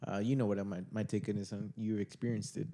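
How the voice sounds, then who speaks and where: A man's voice: fairly low pitch, level tone, quick pace, mellow. A young man who is a guest on a podcast, chatting casually and joking around. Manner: joking, laughs between lines. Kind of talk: casual chat.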